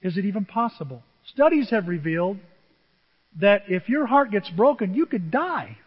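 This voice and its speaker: Animated older man preaching, high voice. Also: moderate pace, husky. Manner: animated, self-deprecating storytelling with dramatic swings from soft to loud. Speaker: pastor. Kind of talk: sermon. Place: church sanctuary. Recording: muffled audio with long hall reverb.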